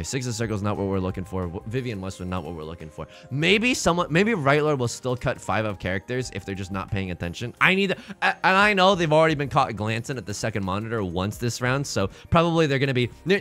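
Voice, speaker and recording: Animated, bright-voiced man commentating a game. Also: mid-range voice. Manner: excitable, jokey, thinking aloud. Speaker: let's play host.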